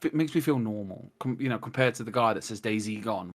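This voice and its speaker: An English man chatting as a podcast guest, rambling excitedly through stories, swearing and laughing, on a cheap microphone over a video call. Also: lowish voice, a little fast. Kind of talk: casual chat. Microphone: cheap desktop mic on a video call.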